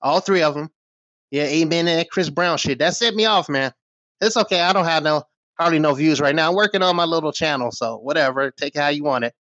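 A man's voice: on the high side, a little fast, fairly bright tone, no room sound. A middle-aged man ranting on his small commentary channel, heated, scornful and full of swearing. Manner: heated, profane, scornful rant. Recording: dull, dry lo-fi recording.

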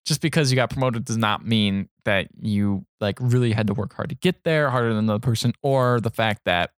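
A man's voice: fairly low pitch, fairly quick, no echo, clean studio sound. A man co-hosting a podcast, casually retelling a film scene by scene and quoting its lines. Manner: rambling recap full of quoted dialogue. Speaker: podcast co-host. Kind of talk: casual movie recap chat.

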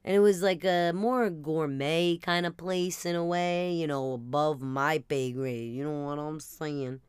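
A woman with a New Jersey accent tells comic stories in a rambling, animated, self-mocking way. Her voice sits low and sounds very clear and smooth. The recording is close and dry. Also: a little slow, no room sound. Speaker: podcast host. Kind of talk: comedic storytelling monologue.

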